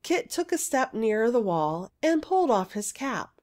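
A woman narrating a fairy story aloud in an expressive, gentle storytelling manner. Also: on the high side, moderate pace.

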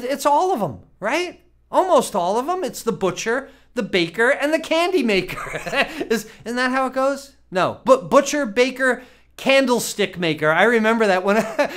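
A man's voice: sits high, fairly bright tone. A man teaching cooking in a casual, chatty way, asking the viewer questions and laughing often. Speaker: cooking instructor. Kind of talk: casual teaching talk to camera.

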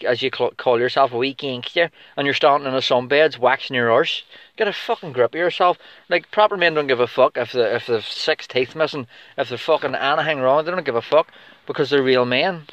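A man's voice: medium pitch, a bit bright, dry recording. An Irish man ranting in a profane, trash-talking monologue to camera. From Ireland. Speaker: vlogger. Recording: dull lo-fi recording, dry.

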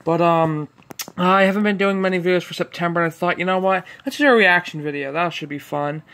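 A man's voice: high voice, fairly quick, fairly bright tone. A man hosting a casual reaction video, chatty and easily amused, laughing often between remarks.

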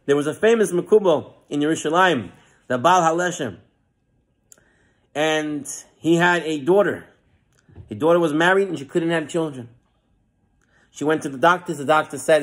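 A man giving a sermon as a rabbi, telling stories and acting out the quoted lines. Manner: storytelling with lively acted quotes and frequent rises in pitch.

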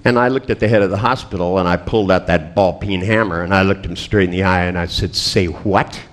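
An older man with a low, fast voice and fairly flat intonation tells a crude, funny story to a seminar audience. He swears, laughs often, and performs the other characters' lines himself.

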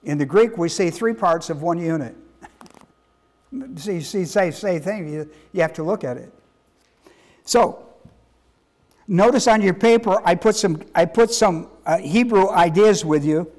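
A man with a high-pitched voice preaches as a pastor. He teaches emphatically, repeating himself and quizzing the congregation. His delivery is halting and full of restarts. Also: a little mellow. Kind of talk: sermon teaching.

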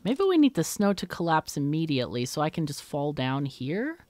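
A woman's voice: low-pitched, big pitch swings, normal speed, a little mellow, dry recording. A woman hosting a let's play, thinking aloud as she works through a puzzle game, muttering and exclaiming. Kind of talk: thinking aloud while gaming.

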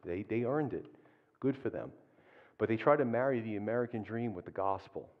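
Male pastor, sermon, low voice, conversational with asides, long hall reverb, dull sound. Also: brisk. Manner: conversational, tag questions, animated asides. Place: church hall.

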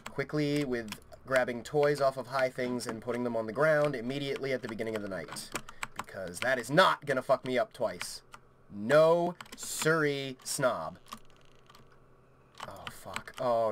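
A man's voice: medium pitch, a bit bright, slight background noise. A man commentating a horror game into a headset mic, frantic and yelping, swearing constantly. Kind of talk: panicked horror-game let's play commentary.

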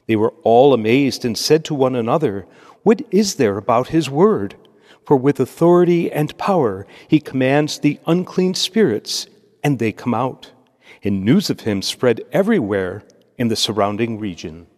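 A man as a priest, reading scripture and preaching a homily in a measured, steady cadence. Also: mid-range voice. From United States. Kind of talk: liturgy and homily. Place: church. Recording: long church reverb.

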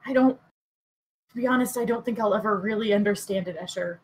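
A woman voicing an earnest young male paladin who talks in a halting, hesitant, sincere way. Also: mid-range voice, slight background noise, close to an everyday voice, poor audio.

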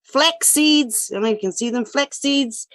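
In a relaxed online sharing circle, an indigenous woman with a New Zealand accent talks sincerely over video, peppering her speech with fillers and restarts. The recording is dry, and her high-pitched, fairly bright voice moves at a moderate pace.

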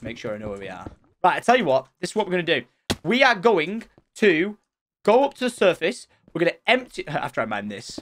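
A young man giving excited Let's Play commentary, chatting and thinking aloud as he plays. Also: on the high side, a little hiss or hum. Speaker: gaming channel host.

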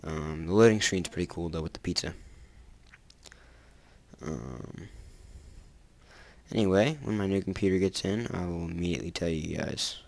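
Low-voiced young man narrating gameplay. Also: moderate pace, vocal fry, long pauses. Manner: casual, rambling, with frequent ums. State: out of breath. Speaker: gamer. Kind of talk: let's play commentary. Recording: game music loud behind voice.

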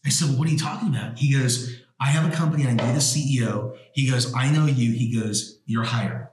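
A man's voice: medium pitch, quick pace, slight background noise. A man, a guest entrepreneur, telling stories with energy, swearing and acting out the quotes. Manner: animated, swearing, repeats words, acts out quotes. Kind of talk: energetic storytelling conversation. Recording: echoey room.

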